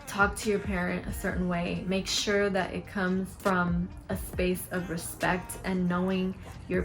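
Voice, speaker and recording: A young woman vlogger talking frankly to camera, giving advice and acting out lines of dialogue. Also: medium pitch. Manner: frank, animated, acts out quoted lines.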